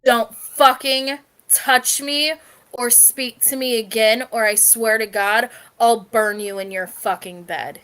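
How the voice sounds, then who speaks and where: A woman playing in a tabletop game, speaking softly and dramatically in character. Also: fairly high pitch, steady tone, slow, poor audio. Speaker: player. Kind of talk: casual tabletop play.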